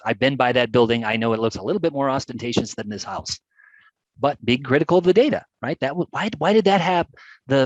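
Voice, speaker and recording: A man presenting a live webcast, talking through examples with chatty enthusiasm and lively emphasis. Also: mid-range voice, no room sound, muffled recording.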